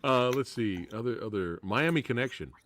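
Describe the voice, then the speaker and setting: A man's voice: mid-range voice, expressive, normal speed, a loud crowd. A man teasing his friends and laughing a lot in a casual video chat.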